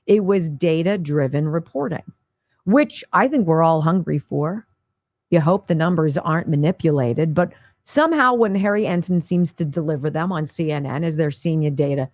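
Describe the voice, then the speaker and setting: A woman's voice: sits low, lively intonation, moderate pace, a little mellow, no room sound. A middle-aged woman hosting a talk radio show, emphatic and sarcastic as she comments. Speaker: radio host.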